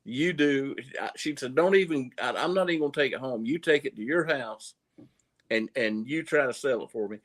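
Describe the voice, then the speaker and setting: Brief: Southern man, coin-dealer guest, folksy yarn-spinner, mid pitch, restarts and repeats. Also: moderate pace, fairly bright tone. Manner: folksy storyteller, repeats words as he goes. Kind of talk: casual livestream chat.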